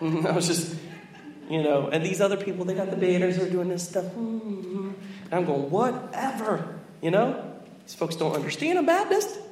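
A man preaching and telling a story in a lively, joking way, acting out voices. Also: sits high, brisk. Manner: animated, jokey, acts out voices. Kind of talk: sermon storytelling. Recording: echoey hall with faint room noise.

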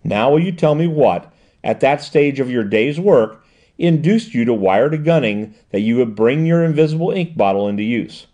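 A jovial older agency chief, hearty and brisk, fires off questions, as an audiobook narrator reads him. His voice is mellow with an animated lilt. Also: mid-range voice, dull audio, close to an everyday voice. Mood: questioning.

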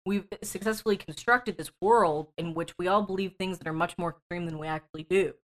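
A woman in casual political chat, reasoning through her points in a measured way. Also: lowish voice. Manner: measured, reasoning aloud, laughs lightly.

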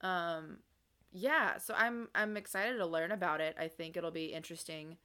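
A woman's voice: on the low side, normal speed, clear, resonant tone. A woman co-hosting a podcast in casual chat, hesitant and full of "like" and "um", often trailing off. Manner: hesitant, sprinkled with "like" and "um", trailing off softly. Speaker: podcast co-host.

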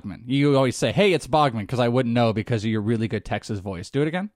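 A man co-hosting a sports podcast, reading an ad and bantering with his co-host in a loud, jokey, excitable way. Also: mid-range voice, quick pace, no room sound, studio quality. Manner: loud, excitable, jokey, swings into goofy voices. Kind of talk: energetic podcast banter and ad read.

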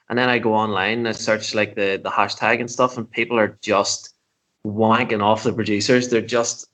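A comedian with a lowish voice tells animated, swear-heavy anecdotes. He speaks in a relaxed, conversational chat. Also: fairly quick. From Northern Ireland. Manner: animated, profane storytelling. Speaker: comedian guest.

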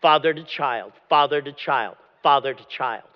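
A man preaching a dramatic sermon as pastor, often dropping to a low hush at the end of a phrase. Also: moderate pace. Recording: long hall reverb, dull lo-fi sound.

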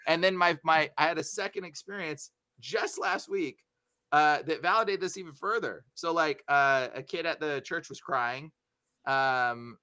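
Man, bright, a bit high, animated casual storyteller. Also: smooth, dry recording. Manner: animated, acts out voices in his stories.

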